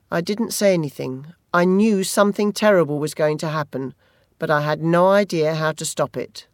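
Measured first-person audiobook narrator. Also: mid-range voice, no echo, studio quality.

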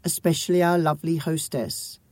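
A woman's voice: low-pitched, a little fast, dry recording, close to an everyday voice. A woman voicing a drunken, fawning male dinner guest taking his leave. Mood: smarmy. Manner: jovial, fawning, slurred warmth.

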